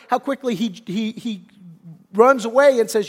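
High-voiced pastor preaching in a reverberant hall. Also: male voice, moderate pace. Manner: casual, conversational preaching with slangy paraphrases; frequent throat clearing. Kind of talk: sermon.

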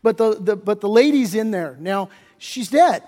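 A man's voice: high-pitched, lively intonation, moderate pace, a little mellow, long reverb tail. A male pastor preaching a sermon in an emphatic, folksy way, his voice swelling into bursts of intensity.

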